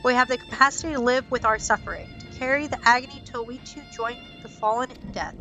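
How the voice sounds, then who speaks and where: A woman reading a calm, wise village elder's lines aloud from a video game, measured and solemn. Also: a little high, soft background music, rough recording.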